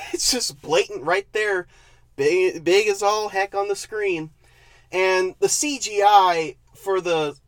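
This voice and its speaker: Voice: medium pitch, no room sound. A movie reviewer giving a casual spoken review, ranting with exasperation and sarcasm, often laughing and stumbling over restarts. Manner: frequent laughs and stammered restarts.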